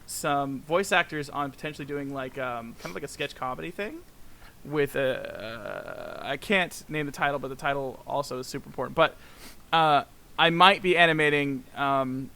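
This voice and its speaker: A man guest on a casual podcast chat, telling stories in an animated way and laughing often as he acts out conversations. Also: fairly high pitch, vocal fry.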